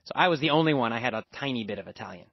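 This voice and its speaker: A man's voice: medium pitch, animated, racing, gravelly, slightly rough, no room sound. An American man teaching a language lesson through a personal story, emphatic and repeating words for stress. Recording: dull lo-fi dry recording.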